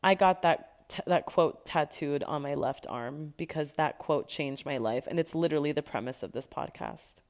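A woman's voice: deep voice, normal speed, hardly any pauses, a little mellow. A young adult woman hosting a podcast, telling her personal story candidly, swearing freely and stressing points through repetition. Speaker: podcast host.

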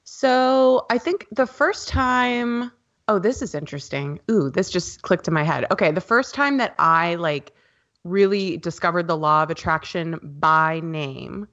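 A woman with a lowish voice talks easily as a podcast guest. Her speech wanders, full of ums and likes. The sound is muffled and lo-fi. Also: animated, unhurried, a bit bright. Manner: chatty, loose, with many ums and likes. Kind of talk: casual interview chat.

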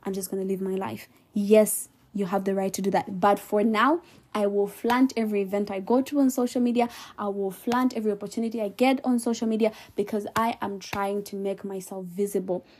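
A woman in her early twenties hosting her own podcast, talking casually and giving animated, playful advice. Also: mid-range voice, brisk. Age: 20s. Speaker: podcast host. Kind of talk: casual solo podcast talk.

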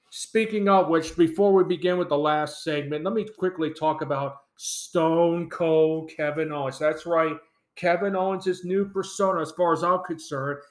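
Excited man hosting a podcast in an echoey room. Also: fairly high pitch. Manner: enthusiastic, opinionated, laughs often. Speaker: podcast host. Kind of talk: solo fan podcast commentary.

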